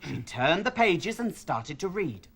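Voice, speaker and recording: A husky low puppet storyteller. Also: female voice, measured pace, heavily acted. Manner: patient, lively storytelling, does character voices. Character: friendly puppet storyteller, patient. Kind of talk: children's TV storytelling.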